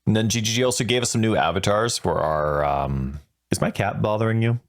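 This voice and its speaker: A man co-hosting a gaming podcast in casual chat, rambling and animated, quick to laugh, talking close to a desk mic. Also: lowish voice. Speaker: podcast co-host.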